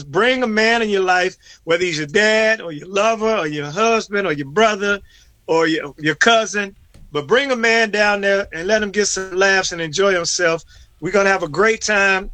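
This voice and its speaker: A male comedian with a high, bright voice joins a radio show over a remote video call. He jokes in a conversational way and now and then stumbles into restarts. The sound is dry and close. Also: no echo. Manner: joking, conversational, some stammering restarts. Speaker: comedian guest. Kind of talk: casual radio interview.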